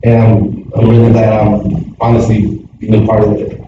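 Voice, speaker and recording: A man's voice: fairly low pitch, completely flat delivery, normal speed. Middle-aged guy, earnest and rambly, lots of ums, echoey room, far from the mic. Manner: earnest and rambling, full of fillers. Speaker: church group member. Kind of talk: sharing personal reflections in a group. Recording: echoey room from far, dull sound, noisy.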